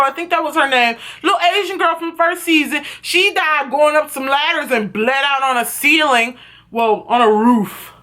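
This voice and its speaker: A woman's voice: high voice, lively intonation, moderate pace, sharp tone. A woman recapping a TV series in a casual vlog. She talks in a profane, outspoken, gossipy way and speaks straight to her viewers. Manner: gossipy storytelling that addresses viewers directly. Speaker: TV series reviewer.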